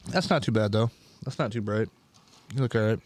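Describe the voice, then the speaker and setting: A man's voice: lowish voice, fairly quick, a little mellow. A young man co-hosting a podcast, chatting casually with laid-back, profane banter. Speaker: podcast co-host. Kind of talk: casual chat.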